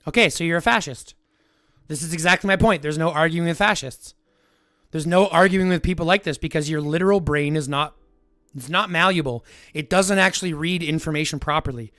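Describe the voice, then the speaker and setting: A man's voice: fairly high pitch, a little fast, a bit bright, no echo, studio quality. A man arguing heatedly with his live-stream chat, lecturing and repeating his points. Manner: combative, lecturing, repeats himself.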